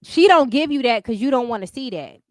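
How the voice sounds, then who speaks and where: A woman's voice: on the high side, expressive, fairly quick, no room sound, studio quality. A woman hosting a livestream, ranting in a profane, combative way and answering her chat in casual speech. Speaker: livestream host. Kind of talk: heated casual commentary.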